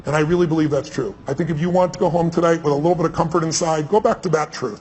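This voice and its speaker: A man telling stories on stage to a live audience in an animated, emphatic way, sometimes repeating words. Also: fairly high pitch, fast talker, hardly any pauses. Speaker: guest speaker on stage. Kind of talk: energetic on-stage storytelling. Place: large hall with live audience. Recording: reverberant hall, faint ambient noise.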